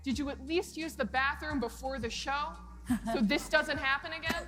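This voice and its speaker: A woman moderating a live convention panel, brisk and pushing the talk along. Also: sits high, pushed and bright, faint music behind. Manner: brisk, pushes things along. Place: convention hall stage.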